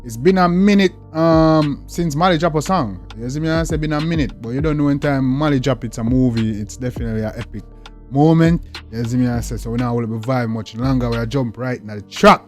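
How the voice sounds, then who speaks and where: A man's voice: mid-range voice, fairly quick, darkish tone. A young man with a Jamaican accent hosting a music reaction video, talking in a hyped, slangy way and repeating catchphrases. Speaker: reaction channel host. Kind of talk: casual reaction commentary.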